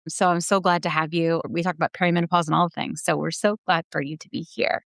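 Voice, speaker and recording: A woman hosting a podcast in a chatty, upbeat way with quick asides. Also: on the low side, fairly even intonation, fairly bright tone, dry recording. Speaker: podcast host. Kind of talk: casual podcast chat and ad read.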